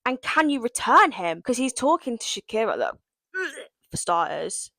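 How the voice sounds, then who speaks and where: A woman's voice: fairly high pitch, sing-song, normal speed, vocal fry, bright, forceful tone, no room sound. A young woman recapping a reality show in a casual vlog, dramatic and sarcastic, full of mock outrage. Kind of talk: casual reaction commentary.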